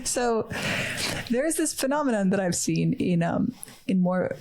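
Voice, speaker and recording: A woman's voice: mid-range voice, animated, unhurried, mellow. A woman hosting a podcast, asking thoughtful questions and searching for her words as she talks. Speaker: podcast host. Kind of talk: casual podcast chat.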